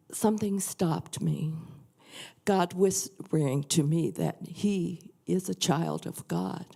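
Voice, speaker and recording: Before a congregation in a church sanctuary, an older woman shares her personal testimony. Her low, mellow, creaky voice moves slowly, earnest and softly confiding, and the unhurried delivery suits the quiet setting.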